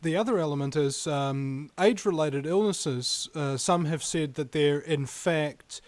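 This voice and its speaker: A man hosting a radio talk show, talking in a rambling, animated way with many fillers. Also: a little high, measured pace, no echo. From New Zealand. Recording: radio broadcast.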